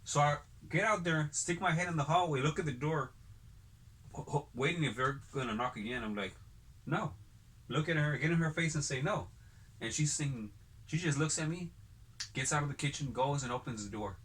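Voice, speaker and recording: A man's voice: fairly high pitch, a little fast, a bit bright. A man hosting a casual podcast chat, telling long rambling stories full of cursing. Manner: rambling profane storyteller.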